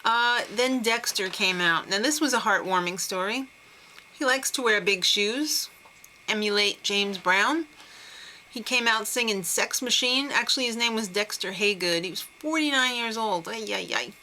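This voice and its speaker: A woman's voice: on the high side, moderate pace, bright, forceful tone, a little hiss or hum, poor audio. A young woman recapping a TV talent show in a casual, chatty and sarcastic way. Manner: chatty, sarcastic, giggly asides.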